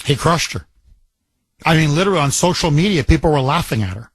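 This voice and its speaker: A man's voice: a little high, lively intonation, fast talker, husky. A man hosting a talk radio show, delivering an emphatic, combative opinion monologue and repeating words for force. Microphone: studio microphone.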